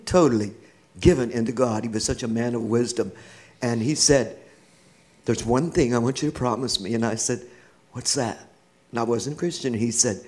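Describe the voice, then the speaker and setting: A man's voice: medium pitch, moderate pace, darkish tone. Earnest middle-aged man telling his story. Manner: earnest storyteller, laughs between lines. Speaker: interview guest. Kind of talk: personal testimony in church.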